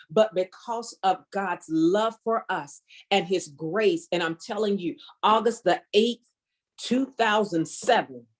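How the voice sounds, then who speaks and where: Fervent woman sharing her testimony. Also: mid-range voice. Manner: fervent, preacherly, emphatic repetition. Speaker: guest speaker.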